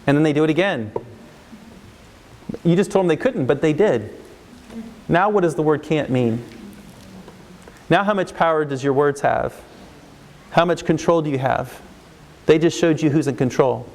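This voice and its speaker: This fairly high-voiced, middle-aged male counselor talks to a live audience about parenting in a large, reverberant hall, moving at a moderate pace with long pauses. He's animated, voicing parents and kids loudly, and a little hiss or hum is audible.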